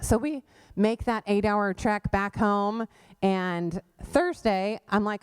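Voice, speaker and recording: A middle-aged woman speaks at a church women's gathering and tells her own story of faith through hard times. Her voice is smooth and resonant, pitched in the middle, and she brings the story to life by acting out what people said. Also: slow. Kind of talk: personal testimony talk. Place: church event space.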